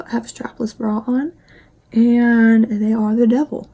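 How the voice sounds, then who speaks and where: A young woman talks her way through a makeup tutorial, chatty and rambling, often muttering quiet asides to herself. Her voice is husky and a little gravelly, with a mellow, dark tone. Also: fairly high pitch, flat delivery, a little slow. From West Virginia, US. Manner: chatty, rambling, self-talk asides, drops into whispers. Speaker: beauty vlogger. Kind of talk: casual makeup tutorial chat.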